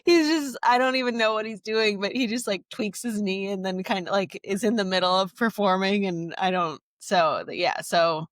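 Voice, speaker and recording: A woman's voice: medium pitch, moderate pace, hardly any pauses, no room sound, clean studio sound. A young adult woman co-hosting a podcast, chatting in a bubbly, rambling way that trails off mid-thought. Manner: bubbly, rambling, trails off, laughs while talking. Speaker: podcast co-host. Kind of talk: casual chat.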